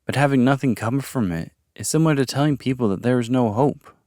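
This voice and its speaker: A man's voice: medium pitch, a little fast, darkish tone, no room sound, studio quality, pitched above the performer's own voice, close to an everyday voice. A man voicing an earnest young male captive who speaks carefully and sincerely as he tries to befriend his captor.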